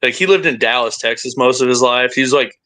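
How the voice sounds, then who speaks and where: A man's voice: mid-range voice, a little fast, pushed and bright. A man co-hosting a casual podcast, telling a rambling, profane story with bursts of laughter. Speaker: podcast co-host.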